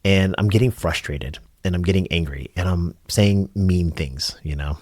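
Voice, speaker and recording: Low-voiced man talking earnestly to camera. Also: normal speed, a little mellow, dry recording, clean studio sound. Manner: earnest, rambling with fillers and restarts. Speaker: rideshare driver and channel host. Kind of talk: casual reflective talk to camera.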